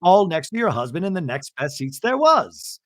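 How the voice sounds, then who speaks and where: A man doing a high, chirpy impression of a bossy, bubbly woman from a reality show who mothers everyone around her. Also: very animated, moderate pace, fairly bright tone, no echo, clean studio sound.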